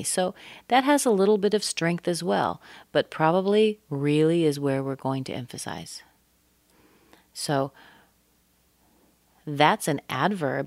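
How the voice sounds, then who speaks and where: A low-pitched woman leads a pronunciation lesson at an unhurried pace. She stretches out sample words so the stress pattern can be heard clearly. The recording is dry, with no room sound. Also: dry recording. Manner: slow, deliberate, stretches words to show stress. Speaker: pronunciation teacher.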